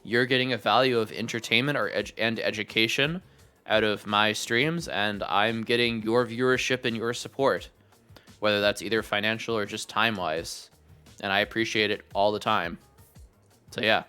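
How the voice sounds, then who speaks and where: A man hosting a casual live-stream chat from home, giving blunt advice with plenty of swearing and animated ranting. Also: fairly low pitch, moderate pace, clean tone, soft background music. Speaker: streamer and podcast host.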